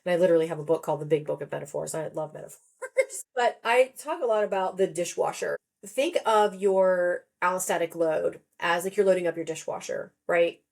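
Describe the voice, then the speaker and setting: A woman psychotherapist and author, talking in an animated, emphatic way in a podcast interview and laughing often. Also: on the low side, fairly quick, vocal fry.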